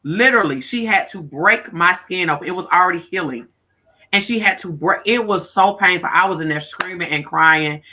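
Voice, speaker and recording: A woman in her thirties, a guest life coach, telling a candid personal story in an animated way and acting out what others said. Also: fairly low pitch, moderate pace.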